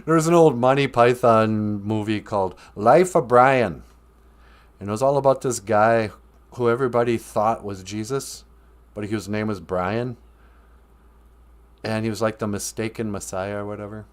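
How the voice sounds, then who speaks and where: A man's voice: fairly low pitch, normal speed, clean tone. A man hosting a live-stream podcast in casual, rambling chat, joking, laughing often and acting out quoted lines.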